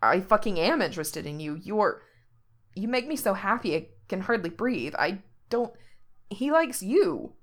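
A woman's voice: medium pitch, very animated, measured pace. A woman reading as a torn, swearing young man. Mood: shaken. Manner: emotional, profane outbursts. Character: upset, conflicted young man, quick to swear.

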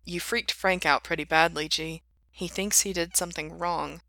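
A calm, matter-of-fact young man with a dry, teasing patience, as a woman reading aloud plays him. The low voice stays bright. The recording is dry and close. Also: moderate pace, no echo.

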